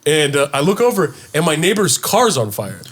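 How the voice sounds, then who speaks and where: A young adult man on a casual podcast, an animated storyteller who swears freely and jumps into high voices as he acts out what people said. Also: moderate pace, breathy edge. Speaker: podcast co-host.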